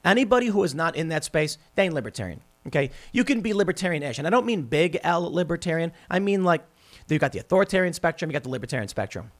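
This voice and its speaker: A man hosting a podcast, delivering a sarcastic, animated political commentary monologue and often repeating words as he restarts sentences. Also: a little high, quick pace. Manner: animated, sarcastic, mocks opponents in put-on voices. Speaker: podcast host.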